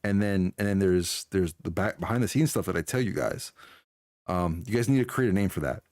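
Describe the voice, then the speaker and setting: A fairly low-pitched man talks casually into a close, dry mic during a live stream. He chats loosely with viewers, laughing often and restarting his sentences as he goes. The sound is close and dry, with no room echo. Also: lively intonation, a little fast, a little mellow. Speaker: streamer answering chat.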